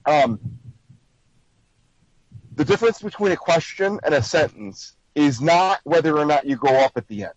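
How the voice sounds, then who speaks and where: A man's voice: on the high side, expressive, moderate pace, pauses often, no room sound. An American man leading a casual group discussion, explaining things emphatically and acting out quotes in mock voices. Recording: dry, slightly dull lo-fi recording.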